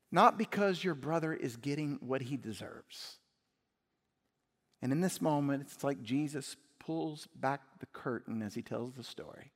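A man's voice: on the high side, big pitch swings, measured pace, fairly bright tone, long reverb tail. A man preaching a sermon as pastor, emphatic and often rising to raised intensity.

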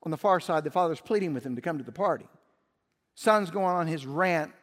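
Male pastor, sermon, emphatic, fairly high voice, long hall reverb. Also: lively intonation, fairly quick. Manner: emphatic, building to raised intensity.

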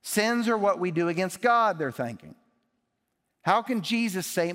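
A male pastor preaching in a church, his voice pitched a little above most men's. He talks emphatically, pushing lines up and then dropping them low. A long reverb trails behind him from the large sanctuary. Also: very animated, moderate pace, a bit bright. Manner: emphatic, rising and dropping for effect. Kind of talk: sermon.

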